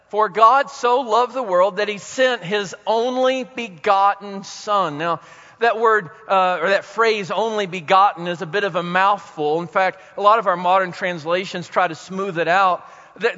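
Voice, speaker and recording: A male pastor preaching a sermon with dramatic pauses, swinging between soft and loud emphasis, in a church hall. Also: high-pitched. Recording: dull recording in a reverberant hall.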